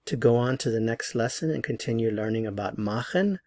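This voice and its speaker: A man teaching a language lesson in a clear, patient way, slowing down to say the example words. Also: medium pitch, lively intonation, darkish tone.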